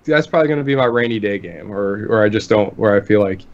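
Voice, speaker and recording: A man co-hosting a podcast in casual chat, relaxed and rambling, often trailing off mid-sentence. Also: lowish voice, fast talker, highs cut off. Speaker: podcast co-host.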